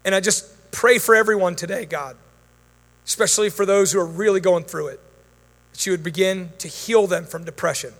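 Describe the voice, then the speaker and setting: A man with a high, fairly bright voice speaks a little fast as he preaches and prays over a congregation in a church hall, the large room giving a long reverb. The session mixes sermon, prayer, and Q&A; he is fervent and commanding when praying but chatty in his asides.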